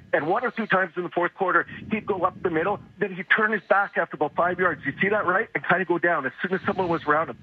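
A hoarse man rants on a call-in line, furious at his team, the referees and the league. His voice sits a little high and comes through muffled and slightly noisy, the way a phone caller sounds on radio. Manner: furious, venting, rapid repetitive complaints. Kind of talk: angry fan rant on call-in radio.

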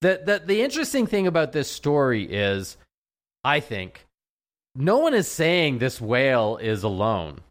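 A man's voice: medium pitch, huge pitch swings, unhurried. A man, a veterinarian, chatting casually on a radio show, rambling and often repeating his words. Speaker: veterinarian guest.

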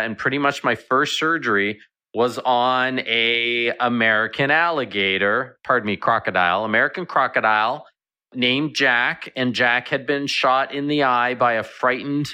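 Bright-voiced man telling a story. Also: mid-range voice, normal speed, clean tone. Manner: chatty storyteller, repeats words. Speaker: guest, veterinarian and author. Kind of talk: casual radio interview.

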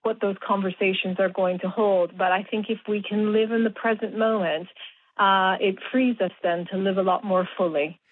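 A woman being interviewed on the radio as a guest, explaining things in a measured, reflective way over a phone line. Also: medium pitch, steady tone. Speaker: guest, doctor and mountaineer.

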